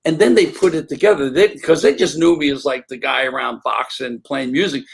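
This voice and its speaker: An older man, an interview guest on a remote call, telling animated stories and acting out other people's voices. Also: mid-range voice, moderate pace, vocal fry, a little hiss or hum, low-quality recording. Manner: animated, acts out voices in anecdotes. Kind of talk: casual storytelling.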